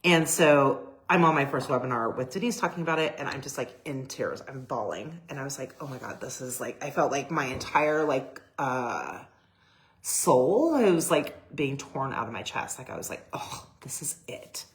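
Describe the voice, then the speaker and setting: Low-voiced gushing woman photographer. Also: expressive, normal speed. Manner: gushing, rambling, many fillers and restarts. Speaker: boudoir photographer. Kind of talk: casual personal talk to camera.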